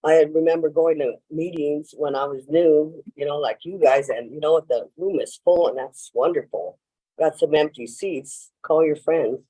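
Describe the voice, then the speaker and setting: Speaking at normal speed in a deep, dark voice, a woman gives a personal share at a recovery meeting held in a meeting room. The recording is low quality. She tells her story loosely, saying "you know" often and acting out the things people told her.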